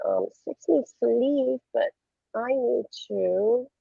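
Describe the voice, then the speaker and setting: A woman's voice: on the high side, takes it slowly, creaky, mellow, slightly rough, dull audio. A woman hosting a late-night livestream, chatting playfully, giggling and rambling. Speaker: livestream host. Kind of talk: casual late-night stream chat.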